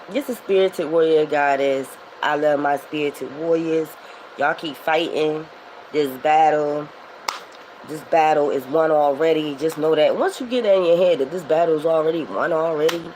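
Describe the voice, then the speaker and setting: A woman's voice: low-pitched, normal speed, darkish tone, slight background noise, low-quality recording. Emphatic, swearing woman. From Philadelphia. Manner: emphatic, rambling, swears freely. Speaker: tarot reader. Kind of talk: spiritual vlog monologue.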